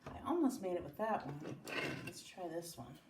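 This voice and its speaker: A woman's voice: lowish voice, sing-song, normal speed, background noise. A woman teacher cheerfully explaining a block-stacking activity to young children as she tries it herself. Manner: cheerful, talks while stacking toy blocks. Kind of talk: casual instructions to children. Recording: echoey room, mic far off.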